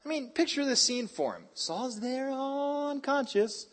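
Hyper, husky-voiced male preacher. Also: very high-pitched, normal speed. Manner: hyper, animated storytelling with casual slang. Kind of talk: sermon.

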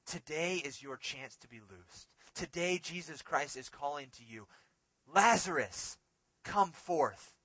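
A man preaching a sermon in a dramatic way, swinging between emphatic, loud lines and hushed ones. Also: on the high side, lively intonation, moderate pace, few pauses, no echo.

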